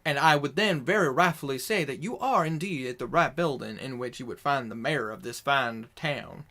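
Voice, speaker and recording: A man's voice: mid-range voice, animated, moderate pace, sharp tone. A man voicing a pompous, well-dressed townsman who lectures about manners in a stuffy way. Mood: haughty.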